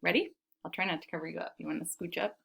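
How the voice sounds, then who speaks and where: A woman's voice: fairly low pitch, steady tone, racing, vocal fry, noisy background. A woman teaching preschool children, reading a picture book aloud and counting syllables with them in a patient, encouraging manner.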